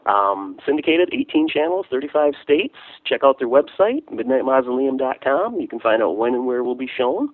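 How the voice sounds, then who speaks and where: A man's voice: mid-range voice, very animated, moderate pace, few pauses, no echo. A man leaving an upbeat, promotional voicemail, listing event dates. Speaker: voicemail caller, indie filmmaker. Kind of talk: casual voicemail message. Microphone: phone. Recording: tinny phone line.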